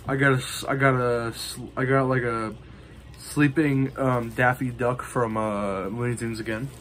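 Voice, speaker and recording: A man chatting casually to the camera in a show-and-tell vlog. He rambles along, filling his pauses with ums and you-knows. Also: medium pitch, steady tone, fairly bright tone, slight background noise. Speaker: vlogger showing his collection.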